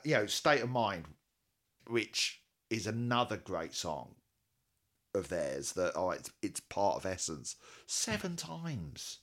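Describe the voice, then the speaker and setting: A man with a very low voice talks in a relaxed, chatty way as a co-host. He gets enthusiastic, rattles off numbers and laughs easily. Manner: enthusiastic, quoting statistics, laughs often. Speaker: podcast co-host. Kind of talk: casual chat.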